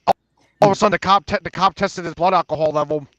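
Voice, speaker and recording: A man's voice: sits high, fast talker, a bit bright, no echo, highs cut off. A man telling a casual, profane story, laughing often and repeating himself. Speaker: panel host.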